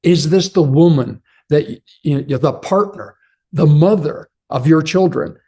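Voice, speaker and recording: A man's voice: on the high side, measured pace, warm tone. A man giving a motivational relationship talk to other men, earnest and direct, calling his listeners brothers. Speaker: men's relationship coach.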